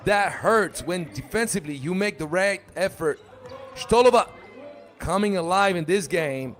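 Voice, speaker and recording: A man's voice: high-pitched, lively intonation, moderate pace, a bit bright, soft background music. A man doing live play-by-play commentary for a basketball tournament, joking and chatting between calls. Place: arena at a live 3x3 tournament.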